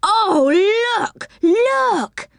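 A woman voicing an eager little girl in a storybook reading, speaking excitedly. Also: very high voice, extremely slow, creaky, dry recording, clean studio sound, pitched above the performer's own voice, exaggerated voice. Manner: excited, breathless.

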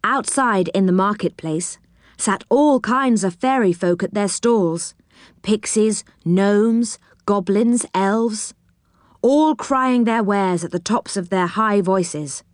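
A woman reading a children's story aloud in a gentle, unhurried storytelling manner. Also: medium pitch, no room sound, clean studio sound.

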